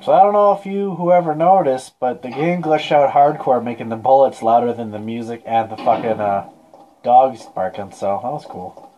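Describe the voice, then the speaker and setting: A man's voice: mid-range voice, moderate pace. A man playing a video game live, joking, swearing and talking to himself as he plays. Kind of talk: casual gameplay chat. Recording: dull lo-fi sound with faint noise.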